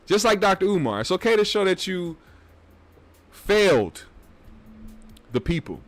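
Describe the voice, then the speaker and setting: A man's voice: sits high, big pitch swings, unhurried, fairly bright tone, faint music behind. A man hosting a casual commentary show, talking in a loose, rambling and profane way. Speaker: host.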